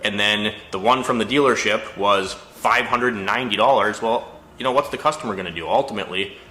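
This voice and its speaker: Brief: male mechanic, exasperated casual rant, bright forceful tone, echoey shop sound. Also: on the low side, a little fast, a little hiss or hum. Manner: exasperated, storytelling, animated retelling. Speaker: auto mechanic and shop owner. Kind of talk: casual ranting monologue.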